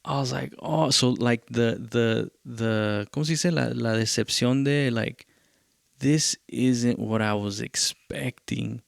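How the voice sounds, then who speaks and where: A man's voice: medium pitch, slow pace, gravelly, no room sound, studio quality. A male podcast host, telling a loose, profane story in a casual rambling way and dropping in Spanish phrases.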